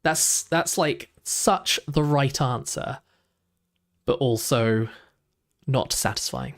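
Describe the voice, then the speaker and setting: A man's voice: mid-range voice, slow, creaky. A young man, chatting casually while reacting to videos, rambling with lots of "like" and restarts.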